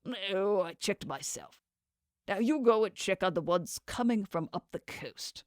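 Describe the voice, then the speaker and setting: A woman voicing a gruff, corrupt male port officer in an audiobook, talking in a bossy, dismissive way. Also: mid-range voice, animated, a little slow, darkish tone, no echo, studio quality, close to an everyday voice.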